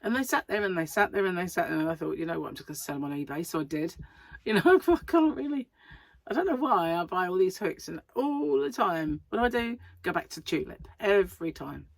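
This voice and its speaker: A woman's voice: mid-range voice, expressive, brisk, creaky, no room sound. A middle-aged woman, chatting casually and rambling to camera as a crochet vlogger, laughing often.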